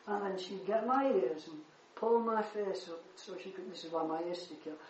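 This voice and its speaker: Older preacher in an echoey church. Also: male voice, high-pitched, moderate pace, few pauses, highs cut off. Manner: animated storytelling, swells loud on key words. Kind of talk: sermon with personal anecdote.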